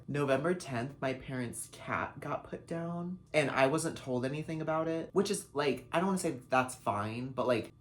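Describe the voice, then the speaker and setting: A young man in his twenties telling storytime vlog stories in a dramatic, sweary way, swinging from flat deadpan to loud outbursts. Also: medium pitch. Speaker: vlogger.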